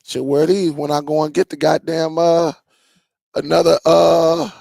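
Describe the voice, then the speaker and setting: A man's voice: a little high, little pitch movement, unhurried, creaky, warm tone, dry recording. A man hosting a casual live stream, reading viewer comments and bantering with loose, laughing slang.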